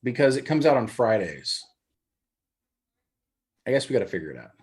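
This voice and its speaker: This middle-aged man co-hosts a casual podcast and spins stories in an easygoing way, with dry jokes throughout. His husky voice is medium in pitch, darkish in tone, and very animated, moving at a normal speed.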